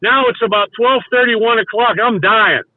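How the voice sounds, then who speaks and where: A man's voice: high voice, normal speed, no echo. An older man, a retired baseball coach, telling long rambling stories with restarts and acted-out quotes. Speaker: guest, former baseball coach. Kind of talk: casual storytelling. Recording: dry, tinny phone-like sound.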